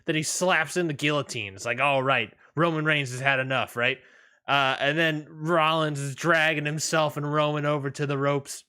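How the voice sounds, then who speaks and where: A man's voice: fairly high pitch, steady tone, bright, forceful tone, clean tone. A man co-hosting a casual wrestling podcast, rambling through a match recap with many fillers and restarts. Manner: rambling, lots of fillers and restarts, quick laughs. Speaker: podcast co-host.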